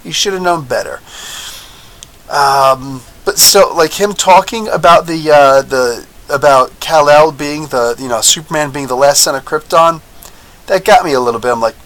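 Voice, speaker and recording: A man talking through a TV episode review in an easy, casual way. His voice sits a bit higher than most men's and gets excitable, full of fillers and quick laughs. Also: poor audio. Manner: excitable, chatty, lots of fillers, laughs often. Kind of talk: casual video review commentary.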